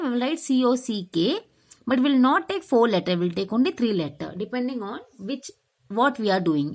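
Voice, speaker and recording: A woman teaching a phonics lesson to young children, slowly sounding out letters and words one at a time. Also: a little high. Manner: slow, sounding out letters one by one, sing-song.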